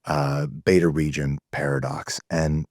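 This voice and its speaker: Deep-voiced man telling stories on a call. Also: level tone, measured pace, a little mellow, dry recording, studio quality. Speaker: guest, men's community founder. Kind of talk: conversational storytelling. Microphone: video call.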